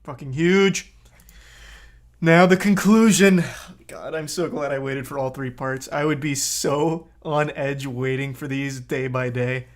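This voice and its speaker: A man's voice: mid-range voice, fairly even intonation, measured pace, hardly any pauses. A man streaming live, reacting to a video with blunt, profane commentary that gets heated.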